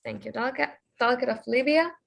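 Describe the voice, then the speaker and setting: A woman's voice: a little high, quick pace, gravelly, fairly bright tone. A woman chairing an online committee, calling the roll over a video call in a hesitant way with many fillers.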